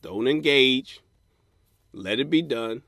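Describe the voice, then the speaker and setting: A man's voice: mid-range voice, lively intonation, slow, pushed and bright, no room sound, studio quality. A man hosting a comedy podcast, delivering a blunt, profane, advice-giving monologue and acting out quoted voices. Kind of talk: stand-up style comic monologue.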